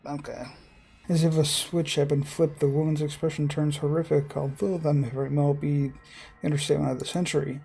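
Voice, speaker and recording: Gravelly man reading a visual novel. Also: a little high, a little fast, soft background music. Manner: steady reading with small slips and asides. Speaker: let's-play narrator.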